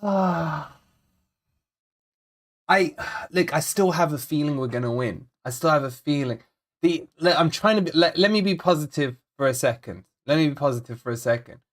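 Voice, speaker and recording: A man's voice: fairly high pitch, normal speed. A man hosting a live football watch-along, chatting casually to viewers, rambling and repeating himself as he frets over the team and reads out chat messages. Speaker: fan channel host.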